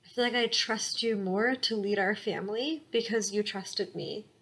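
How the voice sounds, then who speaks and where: A young adult woman co-hosting a podcast, talking openly and emotionally in casual chat, with quick bursts and many fillers. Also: medium pitch, fairly bright tone, husky. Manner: open, emotional, talks in quick bursts with frequent likes and you-knows. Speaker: podcast co-host.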